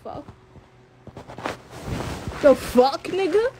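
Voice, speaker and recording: A woman's voice: sits high, expressive, very slow, background noise. An 18-year-old woman ranting angrily on a live stream. She swears constantly, repeats herself, and stumbles over her words when upset. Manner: heated, profane, repeats phrases, stutters when upset. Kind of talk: angry rant on a live stream.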